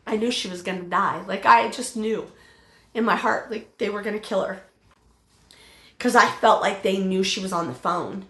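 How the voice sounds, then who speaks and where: A middle-aged woman telling her personal testimony in an interview, halting, with many fillers and restarts. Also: medium pitch, fairly even intonation, a bit bright, echoey room.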